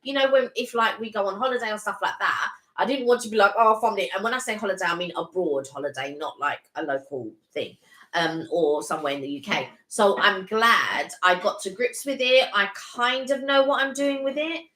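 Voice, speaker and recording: A woman's voice: mid-range voice, fairly quick, a bit bright, echoey room, rough recording. A woman co-hosting a casual livestream, rambling chattily with lots of fillers. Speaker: co-host.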